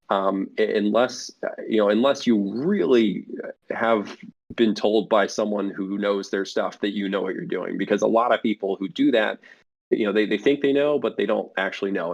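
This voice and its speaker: Gravelly low-voiced man, lo-fi audio. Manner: rambling, many fillers and restarts. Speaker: flight sim network representative guest. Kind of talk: casual podcast interview. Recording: dull lo-fi audio.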